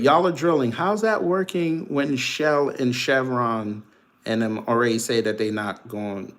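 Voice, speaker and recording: A man hosting a livestream, giving casual political commentary and mocking commenters in a vernacular American accent. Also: medium pitch. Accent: African American Vernacular English. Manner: mocking, trash-talking commenters, laughing. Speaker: livestream host.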